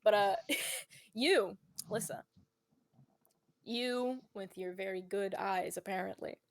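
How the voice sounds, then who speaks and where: A woman's voice: medium pitch, slow pace, no room sound. A woman narrating a tabletop role-playing game as game master. She talks casually, swears, and fills her lines with "like" and "you know". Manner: casual and swearing, with lots of fillers.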